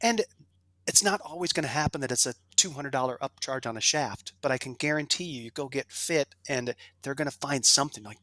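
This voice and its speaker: Bright, emphatic man as podcast guest. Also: mid-range voice, fairly quick, dry recording. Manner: enthusiastic, emphatic, salesy asides. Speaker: guest, golf industry executive. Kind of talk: casual podcast interview.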